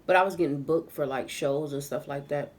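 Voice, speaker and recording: A woman telling a casual storytime vlog story as she does her makeup at home. She is animated and laughs often. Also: sits low, a little fast. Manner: animated, laughs often, says "y'all" a lot. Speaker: vlogger. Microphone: camera on a tripod.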